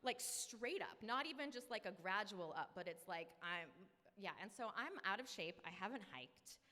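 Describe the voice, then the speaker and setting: A woman's voice: medium pitch, animated, moderate pace, sharp tone, in a large hall. A woman in her thirties from Maine, telling a personal story to a live audience in a chatty, self-deprecating way. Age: 30s. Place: live event venue.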